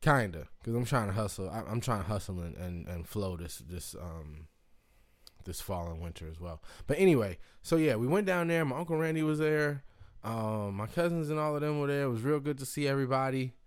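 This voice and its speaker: A man from Indiana chatting casually to camera, rambling and swearing, with excited whoops and jumps into a high voice. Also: fairly quick. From Indiana, United States. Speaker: vlogger. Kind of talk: casual chat.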